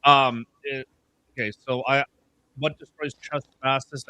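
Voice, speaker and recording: A man taking part in a casual online debate, halting and losing his train of thought, heard over a call mic. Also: medium pitch, steady tone, sharp tone. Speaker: debate participant. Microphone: video call mic.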